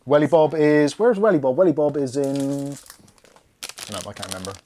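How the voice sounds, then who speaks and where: A man's voice: fairly high pitch, sing-song, moderate pace, dark tone. A man hosting a live PC build stream, chatting casually and reading out viewer comments while he works. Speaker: tech channel host.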